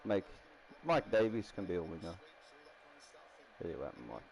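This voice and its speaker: Rambling gaming streamer. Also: male voice, sits low, sing-song, moderate pace, a crowd in the background, poor audio. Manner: rambling, laughs often, self-correcting. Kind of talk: casual gaming commentary.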